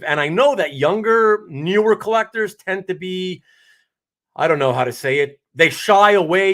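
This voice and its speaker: A man's voice: on the high side, a bit bright. A man hosting a casual live stream who chats with viewers, reads their names aloud and laughs often. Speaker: host of a live comic art stream.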